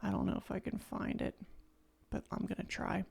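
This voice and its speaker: A woman hosting a casual first-listen music reaction, gushing and soft-spoken, often stopping and restarting her sentences. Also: medium pitch, flat delivery, moderate pace, creaky.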